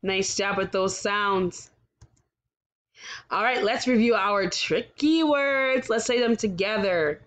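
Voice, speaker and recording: A woman's voice: mid-range voice, slow pace, a bit bright. A woman teaching a recorded kindergarten lesson, encouraging the children and sounding out letters one by one.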